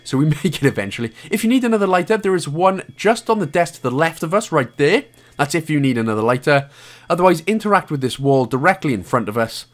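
A Welsh man talks the listener through a video game walkthrough in a jokey, chatty way, throwing in the odd swear word. His pitch rises and falls a great deal, keeping the delivery animated. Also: quick pace. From Wales. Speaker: gaming guide host.

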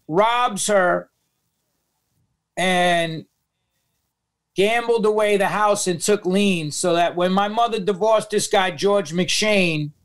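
A man's voice: high voice, fairly bright tone. A middle-aged man with a New York accent, telling a raw story as a podcast guest, blunt and swearing often. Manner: blunt, heavy swearing, emotional retelling. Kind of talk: casual interview storytelling.

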